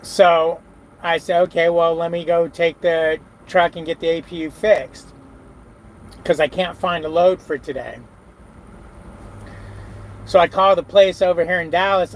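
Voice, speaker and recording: A man's voice: sits high, lively intonation, normal speed, low-quality recording. A truck driver talking casually to his vlog camera from his truck cab, weary and grumbling, sighing often. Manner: weary, grumbling, frequent sighs.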